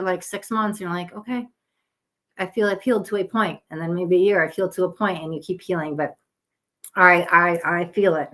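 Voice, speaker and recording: A woman hosting a live psychic reading stream, chatty and earnest, talking with gentle guidance and frequent restarts while tired. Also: mid-range voice. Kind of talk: casual live-stream chat.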